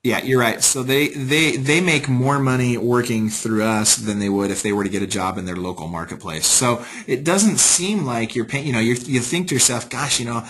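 A man's voice: mid-range voice, a bit bright, husky. A man being interviewed about his staffing company, easygoing and salesy. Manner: easygoing, salesy, quick to agree. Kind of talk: casual business interview.

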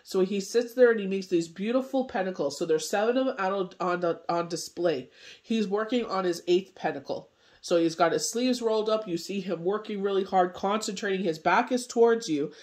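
A man reading tarot cards in a casual spoken forecast, talking in a loose, rambling way full of fillers. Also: high-pitched. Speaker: tarot reader and medium.

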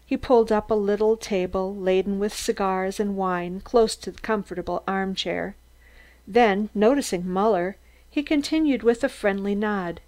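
A woman narrating a novel as an audiobook in a slow, measured way. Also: mid-range voice, darkish tone. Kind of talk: scripted narration.

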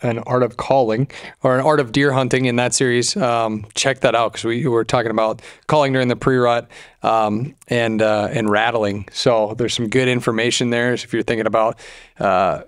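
Flat-voiced man plugging a series. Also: mid-range voice, moderate pace, clear, resonant tone, no room sound, studio quality. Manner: plugging a video series with fillers. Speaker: podcast co-host. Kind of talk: casual chat.

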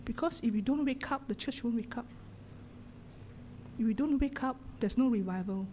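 A middle-aged woman pastor with a Singaporean English accent preaching a sermon in a church, swinging from loud exhortation to hushed whispers. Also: on the high side, moderate pace, slight background noise. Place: church sanctuary.

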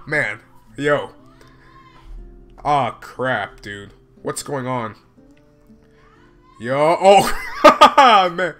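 A man commenting live on a show as he watches it, talking casually with lots of slang and breaking into loud exclamations. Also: high-pitched, slow, long pauses, faint music behind. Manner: excitable, bursting into exclamations and laughs; slangy, casual filler talk. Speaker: reaction video host.

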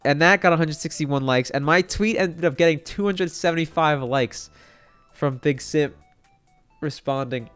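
A young man telling a story to his stream chat, excitable and rambling, with lots of fillers and swearing. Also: a little high, moderate pace, smooth, faint music behind.

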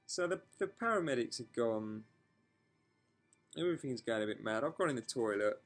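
Guy, casual confessional vlog, mid-pitched, blunt and sweary, faint music bed. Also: lively intonation, normal speed. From England. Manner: frank, emotional, swears freely, talks in rambling restarts. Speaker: vlogger. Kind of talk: candid personal storytelling vlog.

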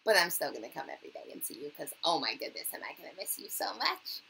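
A woman teaching young children in a video lesson, cheerful and sing-song, spelling words out slowly. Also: low-pitched, big pitch swings, vocal fry, bright, forceful tone, a little hiss or hum, low-quality recording. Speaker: kindergarten teacher.

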